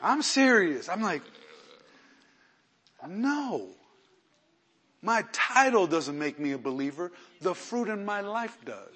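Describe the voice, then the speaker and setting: A man preaching to his congregation in a high, bright voice. He moves between slow, loud emphasis and hushed, quick asides, and he acts out the people he quotes. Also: sing-song, breathy edge. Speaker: pastor. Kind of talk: sermon.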